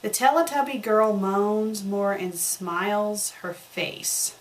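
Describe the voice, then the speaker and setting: A woman reading a fan story aloud for comedy, breaking off to mock its spelling and grammar in deadpan asides. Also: medium pitch, slow. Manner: deadpan mocking commentary on spelling errors. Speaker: fanfic critic reading aloud.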